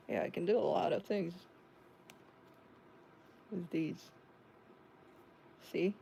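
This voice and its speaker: A woman's voice: on the low side, fairly even intonation, slow, vocal fry, pauses often, warm tone, breathy edge. A woman with a Chicago accent hosting a tarot live stream, reading viewer comments aloud and chatting back casually.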